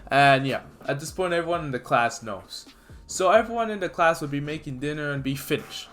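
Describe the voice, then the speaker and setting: A man's voice: on the high side, lively intonation, brisk, a bit bright. A man casually narrating a fan story, rambling with many fillers. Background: faint lofi music.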